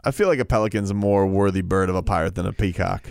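A man co-hosting a casual sports radio show, riffing and joking in rambling, animated banter. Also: low voice, fast talker, vocal fry, no echo, clean studio sound.

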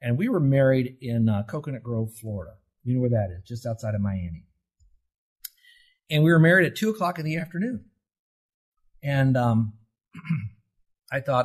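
An older man preaches an animated sermon, his voice a little husky. He asks his listeners questions and answers them himself, leaning hard on key words. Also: medium pitch, brisk. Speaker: pastor.

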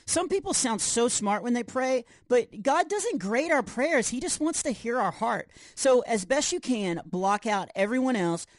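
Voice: medium pitch, lively intonation, unhurried, few pauses, dry recording, lightly acted. Adult playing a goofy, boastful boy hero for a kids' podcast, bouncy sing-song delivery, dry studio sound. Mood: cheerful. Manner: boastful, self-deprecating jokes. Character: goofy overconfident boy superhero. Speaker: co-host. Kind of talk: scripted kids' podcast comedy.

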